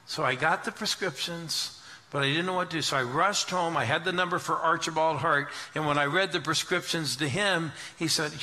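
A middle-aged man, a pastor, telling his story in a sermon in an earnest way and going quiet when he quotes others. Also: on the high side, fairly quick. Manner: earnest storytelling, drops to hushed tones for quotes. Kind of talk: sermon testimony.

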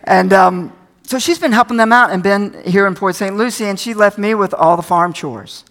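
An older man with a fairly high voice gives a sermon. His delivery is folksy and conversational, mixing stories from home with scripture. He sounds a little tired. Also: moderate pace, fairly bright tone. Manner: folksy, conversational preaching with anecdotes. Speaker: pastor.

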